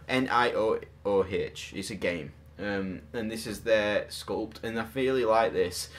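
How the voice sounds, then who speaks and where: A man's voice: lowish voice, measured pace, few pauses, fairly bright tone. A man hosting a casual chat about collectible statues, rambling and joking at his own expense. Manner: rambling, self-deprecating, jokey. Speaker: podcast host.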